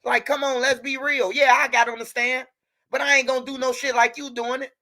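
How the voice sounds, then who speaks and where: A man's voice: very high voice, little pitch movement, brisk, pushed and bright. A young man in a heated, profane rant, repeating himself as he talks straight at a rival. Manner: angry, profane, repetitive, talking straight at a rival. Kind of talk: heated direct-to-camera rant.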